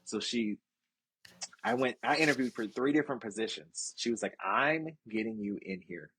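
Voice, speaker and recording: A man's voice: medium pitch, normal speed, a bit bright, a little hiss or hum. A young man co-hosting a podcast, telling stories animatedly in casual chat, swearing and laughing often. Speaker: podcast co-host.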